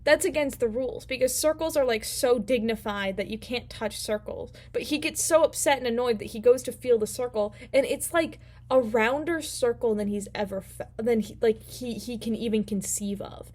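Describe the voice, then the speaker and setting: A woman's voice: on the high side, a little mellow. Playful woman casually recapping a book. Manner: rambling, playful, casual slang. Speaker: book vlogger.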